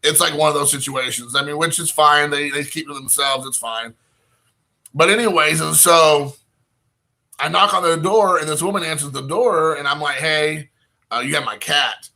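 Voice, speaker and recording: At a moderate pace, a young man with a slightly high, very bright, sharp voice loosely recounts a long anecdote. Nearly every sentence has a "like," and he keeps quoting himself and other people.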